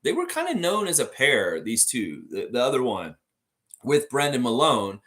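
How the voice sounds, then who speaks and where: A man's voice: medium pitch, huge pitch swings, moderate pace, fairly bright tone. A middle-aged American man hosting a casual trivia livestream, reading chat comments aloud and laughing often. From United States.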